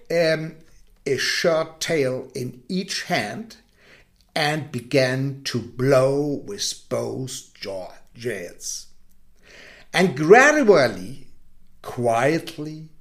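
A man telling a story and sharing his views in a very slow, deliberate way. His pitch swings widely, rising for emphasis and then sinking into hushed, whispered endings. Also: big pitch swings. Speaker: storyteller and commentator. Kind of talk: dramatic story reading.

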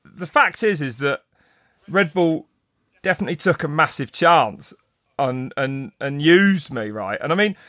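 A middle-aged man, a race commentator, telling stories in casual chat, rambling and animated with many restarts. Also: fairly high pitch, unhurried, no echo, clean studio sound. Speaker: mountain bike race commentator. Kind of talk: casual podcast storytelling.

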